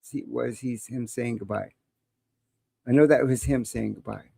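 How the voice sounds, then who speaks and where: A woman's voice: a bass voice, moderate pace, gravelly, dark tone, husky, no echo. A woman hosting a live call-in stream, joking in a bawdy, teasing way and laughing often.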